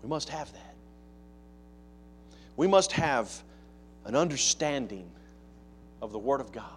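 A man preaching a sermon, talking conversationally and asking the congregation many rhetorical questions, turning loud for emphasis and then dropping to quiet asides. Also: medium pitch, expressive, unhurried, slight background noise. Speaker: pastor.

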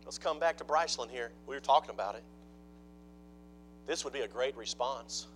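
A man preaching a sermon, dropping to hushed mock-gossip asides and then rising into loud, emphatic preaching. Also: medium pitch, normal speed, faint music behind, rough recording. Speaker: pastor.

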